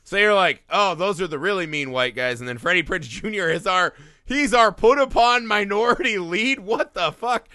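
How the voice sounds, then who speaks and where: A man with a bright, forceful voice pitched a bit high, riffing animatedly on a movie in casual podcast chat. He swears freely and slips into mocking impressions. The sound is dry and close. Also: lively intonation, normal speed, no echo. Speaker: podcast co-host.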